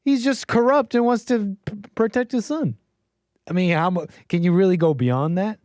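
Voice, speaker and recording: A man's voice: sits high, normal speed, darkish tone, no room sound, clean studio sound. A man hosting a call-in livestream, chatting in a rambling, playful way with his viewers. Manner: rambling, playful, talks to the chat. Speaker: call-in show host. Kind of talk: casual livestream chat.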